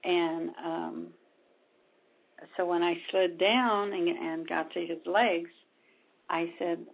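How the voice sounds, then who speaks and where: Woman storyteller, low-pitched gravelly husky voice, lo-fi recording. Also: fairly even intonation, slow, long pauses. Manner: retells events with quoted dialogue, many ums. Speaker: spiritual healer guest. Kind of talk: storytelling in a conversation. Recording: dull lo-fi sound.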